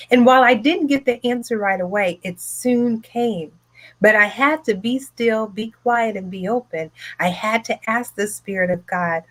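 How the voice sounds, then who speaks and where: A woman hosting a retreat, telling her story in a motivational talk with an emphatic, repetitive, animated delivery from her home office. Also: on the high side, normal speed. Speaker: retreat host, speaker.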